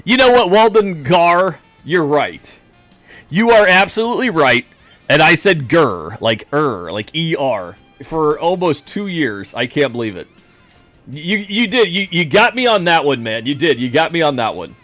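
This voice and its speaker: Lively, chatty male game streamer. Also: fairly high pitch, normal speed, no room sound, soft background music. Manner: rambling, self-deprecating, jokey. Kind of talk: casual live-stream chat.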